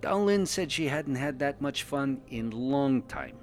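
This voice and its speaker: A man's voice: medium pitch, expressive, a little slow, soft background music. A man voicing a cheerful male pandaren adventurer, a doting husband who tells his story in broken English with dropped articles. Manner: broken English, drops articles and verb endings. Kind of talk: in-character fan podcast storytelling.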